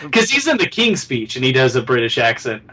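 Bright-voiced man chatting about a movie. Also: mid-range voice, wildly swooping pitch, poor audio. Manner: rambling, filler-heavy, quick asides. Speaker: podcast co-host reviewing a movie. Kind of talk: casual chat.

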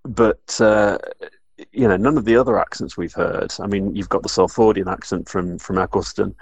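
A man from the north of England talks in a low voice, close to the mic in a dry space. He rambles through a casual conversation, trailing off and starting over often. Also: steady tone, normal speed, vocal fry, husky, no room sound. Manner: rambling, many restarts and fillers. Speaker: podcast co-host. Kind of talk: casual discussion.

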